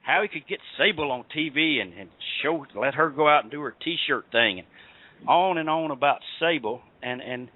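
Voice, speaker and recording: A man's voice: a little high, lively intonation, normal speed. A man with a Southern US accent hosting a radio show, telling rambling stories with lots of fillers. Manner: rambling, storytelling with many fillers. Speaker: podcast host. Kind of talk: casual radio chat. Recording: dry tinny phone-quality line.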